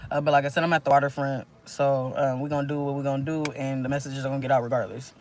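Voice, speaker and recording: A man's voice: mid-range voice, flat delivery, rapid-fire, a little mellow, a little hiss or hum. A man in his thirties giving a casual spiritual pep talk on a phone livestream from a waterfront, rambling and often asking "you know what I mean". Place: outdoors at a waterfront.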